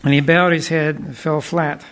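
A man with a fairly high voice preaches a sermon, retelling a Bible story. He talks deliberately and drifts into thoughtful asides. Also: flat delivery, a bit bright.

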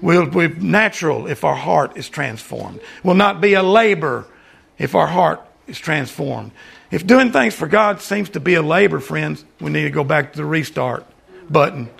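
Gravelly older preacher. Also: male voice, fairly high pitch, animated, normal speed. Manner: earnest, repeats "friends", drops to soft asides. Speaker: lay preacher. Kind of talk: sermon and prayer.

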